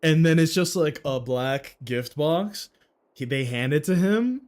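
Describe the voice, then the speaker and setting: A man's voice: a little high, lively intonation, unhurried, a little mellow. A man livestreaming a story game, chatting casually in laid-back slang and laughing easily. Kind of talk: casual game stream reaction.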